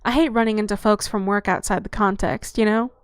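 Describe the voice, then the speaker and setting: A woman's voice: medium pitch, fairly even intonation, a little fast, clean tone, no room sound, clean studio sound, close to an everyday voice. A woman voicing a chatty, blunt young-looking female vampire who talks with crude slang and breezy patter.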